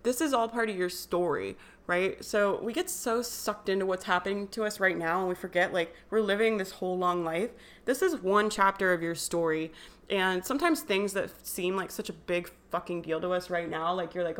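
A woman's voice: fairly low pitch, brisk, a bit bright. A young woman hosting a podcast, talking in an earnest, encouraging way, chatty and full of fillers. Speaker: podcast host. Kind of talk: casual motivational monologue.

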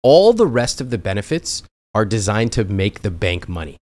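A man's voice: lowish voice, big pitch swings, normal speed, a little mellow, dry recording. A man who is a personal finance author, a guest on a podcast, speaking bluntly and with some profanity while acting out the voices of people he quotes. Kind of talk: animated podcast conversation.

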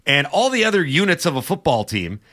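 A man's voice: on the high side, big pitch swings, a little fast, bright, forceful tone. A man co-hosting a sports radio show, arguing his points with passion and emphasis. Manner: impassioned, argumentative, emphatic. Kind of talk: sports talk debate.

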